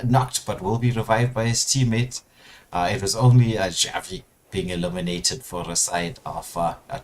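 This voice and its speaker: A man doing live play-by-play commentary on an online battle royale tournament, full of filler words and sudden bursts of excitement. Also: fairly low pitch. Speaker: esports caster.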